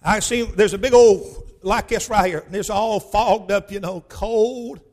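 A male pastor, telling a personal story in a sermon in a folksy, emphatic way that bursts into shouting. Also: sits high, measured pace.

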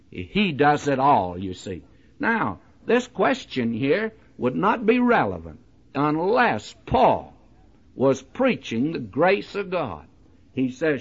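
A man's voice: medium pitch, slightly rough. A man preaching a verse-by-verse Bible teaching, talking straight to his listeners and hitting key words hard. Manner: conversational, addresses listeners directly with "you see" and "my friend"; emphatic, leans into key words. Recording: dull lo-fi recording.

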